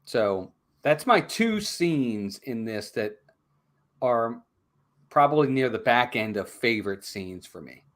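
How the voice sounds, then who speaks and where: A man's voice: medium pitch, lively intonation, slow. A man co-hosting a casual movie review, talking emphatically and repeating words as he makes his points. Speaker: co-host, film reviewer.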